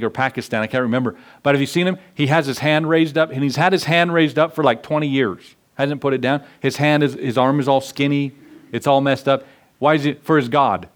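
A middle-aged male pastor preaching a sermon in an earnest, conversational way, asking the listeners rhetorical questions. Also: medium pitch.

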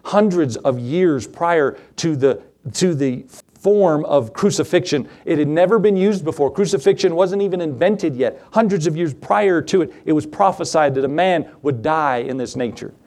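A man preaching a sermon to his congregation, animated, acting out Bible scenes in quoted voices. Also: on the high side, normal speed. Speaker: pastor.

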